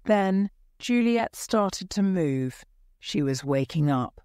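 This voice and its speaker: A woman reading a simple story aloud for English learners, slow and careful. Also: fairly low pitch, expressive, darkish tone, clear, resonant tone, dry recording, clean studio sound. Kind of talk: slow graded-reader narration for English learners.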